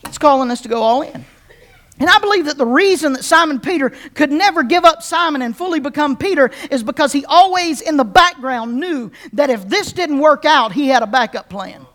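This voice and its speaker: A high-voiced woman pastor preaches to her congregation. She teaches with a playful, joking touch and mixes stories with her points. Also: lively intonation, a little fast, fairly bright tone. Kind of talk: sermon.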